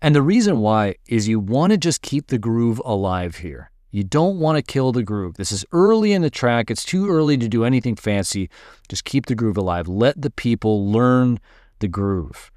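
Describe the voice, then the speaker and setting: A man casually teaching music production, thinking aloud while he works and muttering at his software. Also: medium pitch, big pitch swings, moderate pace, dry recording, studio quality. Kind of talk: casual screen-recorded tutorial.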